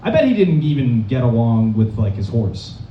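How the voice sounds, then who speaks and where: A young man from Massachusetts doing a rambling stand-up set in a comedy club, deadpan and full of fillers. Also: medium pitch, moderate pace, slight background noise. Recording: dull, roomy, distant club recording.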